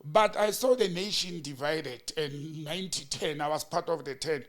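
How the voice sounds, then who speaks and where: A South African man with a fairly high voice tells the story of a hearing blow by blow. He jumps into the quoted lines with sudden lifts in pitch and emphasis. He keeps it conversational, like a commentator thinking aloud. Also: moderate pace. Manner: storytelling, acting out quoted exchanges with rising emphasis. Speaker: political commentator. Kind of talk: animated political chat recounting a hearing.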